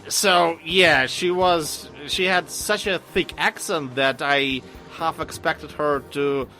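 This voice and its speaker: A man talks slowly in a relaxed podcast chat. His voice is bright and clear, and he tells stories with dry humor, filling pauses with ums and uhs. Faint music plays behind him. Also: fairly high pitch. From Russia. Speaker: podcast co-host. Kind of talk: casual chat.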